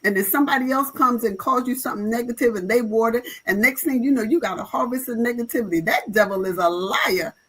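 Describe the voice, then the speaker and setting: A woman's voice: on the high side, fast talker, hardly any pauses, a bit bright, breathy edge, poor audio. A woman pastor speaking on a live panel, emphatic and encouraging, with a preaching flavor.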